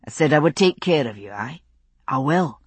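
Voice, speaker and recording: A woman reading an audiobook, voicing a tender, stubborn young man in a low, firm, coaxing murmur. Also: animated, normal speed, slightly rough, dry recording, full character voice.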